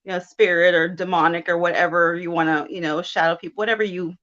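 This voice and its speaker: A woman in her thirties telling a personal story in casual chat, animated and quick to laugh as she acts out her own thoughts. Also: on the low side, lo-fi sound. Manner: chatty and animated, with laughs and self-quotes. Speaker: guest.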